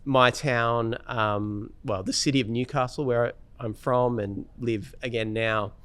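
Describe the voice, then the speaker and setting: A man's voice: medium pitch, a little slow, smooth. An Australian man in his thirties or forties, a guitarist chatting easily in an interview, with lots of fillers and restarts. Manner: relaxed storytelling with many fillers and restarts. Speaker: guest guitarist. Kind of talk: casual interview chat.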